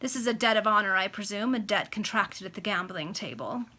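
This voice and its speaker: A scornful lady of high society, answering with cool, mocking sarcasm. A woman reads her aloud in an amateur book reading, her tone bright and sharp. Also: expressive, brisk. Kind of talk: amateur read-aloud of a classic novel.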